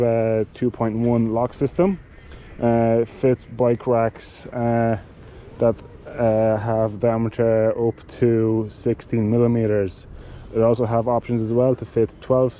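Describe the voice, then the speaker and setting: A man giving a casual product demonstration of cycling gear, talking in a halting way with many fillers and restarts. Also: medium pitch, dark tone, a little hiss or hum, poor audio.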